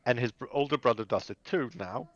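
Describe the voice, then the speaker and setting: A man's voice: medium pitch, a little fast, no echo. A man co-hosting a casual chat while sick, joking dryly about his noisy kids. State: sick, hoarse. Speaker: podcast co-host, father. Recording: dry, slightly muffled mic.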